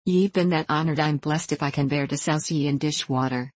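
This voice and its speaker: A woman voicing a warm, motherly older Scottish farm wife who speaks slowly in broad dialect. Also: deep voice, dry recording. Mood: wondering. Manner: broad dialect, slow and heartfelt.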